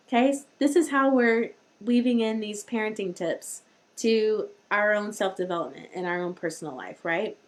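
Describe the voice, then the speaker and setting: A woman's voice: mid-range voice, moderate pace. A woman hosting a live-streamed parenting talk, chatty and rambling, with many restarts. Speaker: host.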